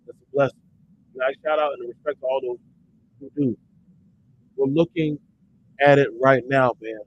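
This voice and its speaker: A man hosting a heated, profane commentary rant who repeats himself for emphasis and breaks into shouts when worked up. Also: a little high, gravelly, muffled recording, a little hiss or hum. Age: adult parent. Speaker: host.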